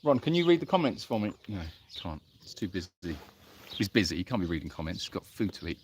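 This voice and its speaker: A man's voice: low-pitched, big pitch swings, fast, a little hiss or hum. A man hosting a casual livestream from an animal sanctuary, chatting outdoors among donkeys and greeting viewers by name in a friendly, self-deprecating way. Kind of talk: casual live-stream chat reading comments.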